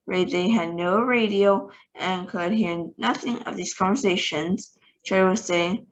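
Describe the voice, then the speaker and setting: A woman's voice: medium pitch, measured pace, dull audio, slight background noise. A woman reading a children's book aloud, voicing each character's lines. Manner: animated, shouts out characters' lines.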